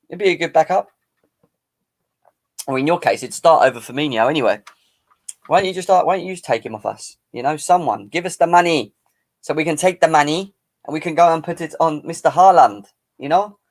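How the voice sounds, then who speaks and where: A man's voice: a little high, lively intonation, brisk, long pauses. Boisterous man hosting a fan stream. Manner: boisterous, teasing banter, chanting. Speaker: fan channel live-stream host. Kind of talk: casual live-stream football chat.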